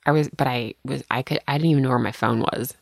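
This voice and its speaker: A woman's voice: extremely low pitch, fairly even intonation, fast talker, creaky, no room sound, studio quality. A woman co-hosting a casual chat, telling rambling, self-deprecating stories. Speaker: podcast co-host.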